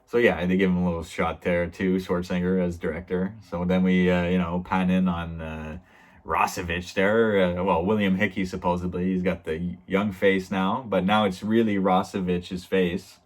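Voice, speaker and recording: A man's voice: low-pitched, little pitch movement, moderate pace. A man hosting a review channel, casually recapping an episode with lots of fillers and loosely quoted dialogue. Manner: rambling, lots of fillers, quotes characters loosely in his own voice.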